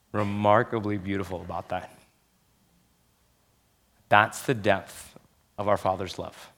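A man preaching a sermon as a pastor, earnest and emphatic, slowing down to stress key phrases. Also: deep voice, a bit bright.

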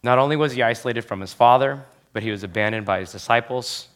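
A man at medium pitch preaches as a pastor, earnest and emphatic, slowing down to lean on key phrases.

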